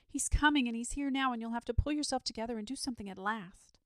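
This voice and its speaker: A woman reading a storybook aloud, voicing an excitable young boy who talks in a breathless, urgent rush. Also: lowish voice, moderate pace, gravelly, no echo, clean studio sound. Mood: excited. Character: eager excitable young boy, dragon's friend.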